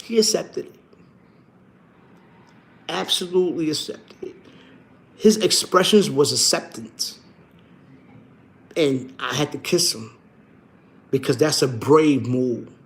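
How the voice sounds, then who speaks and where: High-pitched new guy on a livestream, slangy and swearing a lot, talks casual to chat. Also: slow pace, pauses often. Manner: animated, swearing, slangy street talk. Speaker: livestream host.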